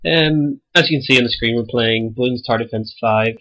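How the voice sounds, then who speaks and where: A young man in his late teens, stuffy-nosed and a little raspy from a cold, giving rambling, hesitant commentary over a game he is playing. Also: mid-range voice, moderate pace, fairly bright tone, low-quality recording. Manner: rambling and hesitant, many ums. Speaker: gaming channel host. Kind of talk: casual gameplay commentary.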